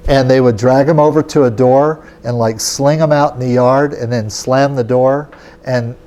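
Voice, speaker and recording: A man's voice: medium pitch, steady tone, normal speed, a little mellow. A man, a yoga teacher, telling a personal story in a casual, chatty lecture, often checking in with his listeners.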